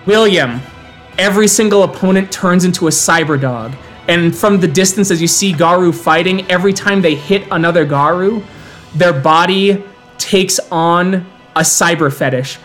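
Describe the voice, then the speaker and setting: A man narrating a tabletop horror game as storyteller, in measured, descriptive tones he sometimes draws out for effect. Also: high-pitched, a bit bright, faint music behind.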